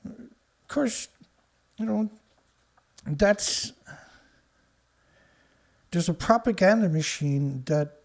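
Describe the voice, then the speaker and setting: A man's voice: high-pitched, lively intonation, slow pace, pauses often. A man from Canada hosting a live-stream news show, talking casually in a sarcastic, rambling way and scoffing at headlines.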